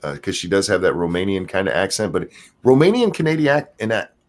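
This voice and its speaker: A man hosting a livestream chat, reading viewer comments aloud and swinging between loud jokes and mumbled asides. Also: low voice, very animated, fast. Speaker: livestream show host.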